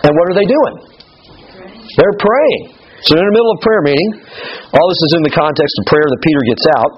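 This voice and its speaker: A man's voice: on the high side, lively intonation, brisk, lo-fi sound, slight background noise. A man preaching a sermon as pastor, telling a scripture story with humor and acting out the people in it.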